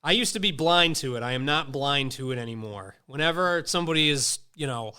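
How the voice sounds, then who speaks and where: A man's voice: mid-range voice, brisk, few pauses, clean tone. A man in his late thirties telling stories in casual, profane chat and acting out the voices of the people in them. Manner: profane, animated, acts out quoted voices. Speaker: podcast host.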